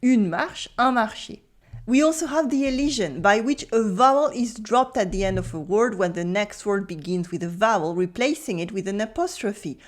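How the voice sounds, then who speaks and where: A woman whose first language is French, teaching a language lesson and repeating example words slowly and clearly. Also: mid-range voice, expressive.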